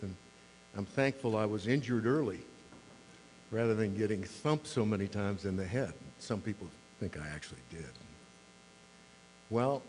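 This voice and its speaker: A man's voice: lowish voice, darkish tone. Sixties man telling dry stories in a reverberant hall. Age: 60s. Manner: dry, self-deprecating storytelling. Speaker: mayor giving a club speech. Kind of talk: humorous after-dinner speech. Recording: long hall reverb, faint mains hum.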